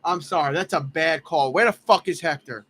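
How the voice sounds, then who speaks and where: A man's voice: fairly high pitch, moderate pace, a bit bright, slight background noise. A young man giving casual, blunt and profane play-by-play commentary from a ballpark. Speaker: fan livestream commentator. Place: ballpark stands.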